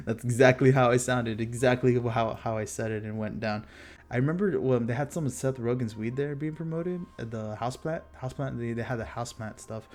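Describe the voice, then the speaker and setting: A man's voice: medium pitch, a little fast, darkish tone. A young man from Texas telling a casual storytime vlog, rambling and profane with a self-mocking streak. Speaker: vlogger.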